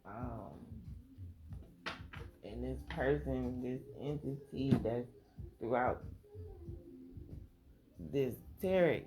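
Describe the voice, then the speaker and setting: A woman's voice: very deep voice, drawn-out words, pauses often, noisy background. A woman tarot reader doing a casual reading, rambling, thinking aloud and swearing freely.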